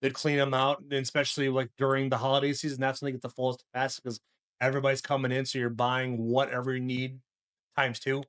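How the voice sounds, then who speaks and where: A man's voice: medium pitch, completely flat delivery, a bit bright, no echo, studio quality. A man co-hosting a podcast, talking casually and often restarting his sentences. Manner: halting, restarts sentences, swears in reaction. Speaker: podcast co-host. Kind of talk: casual chat.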